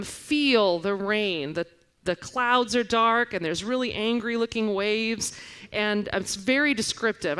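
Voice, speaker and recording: A woman's voice: medium pitch, clean tone. Woman, forties, mid-range voice, preacher who tells stories vividly in a sermon. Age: 40s. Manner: animated storytelling, reading scripture aloud. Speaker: guest preacher.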